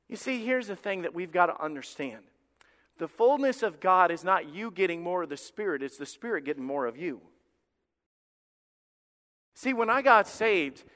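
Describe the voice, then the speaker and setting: Man pastor, high bright delivery, dramatic quiet-to-loud preaching, echoing sanctuary. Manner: preaching with dramatic shifts in volume, acting out God's voice. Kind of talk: sermon. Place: church sanctuary with congregation. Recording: reverberant hall.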